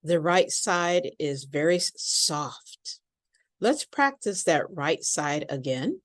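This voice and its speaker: Slow, carefully enunciating woman teacher. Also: low voice, sing-song, dry recording, clean studio sound. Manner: slow, deliberate over-enunciation. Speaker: accent and pronunciation teacher. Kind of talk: pronunciation lesson with repeat-after-me drills.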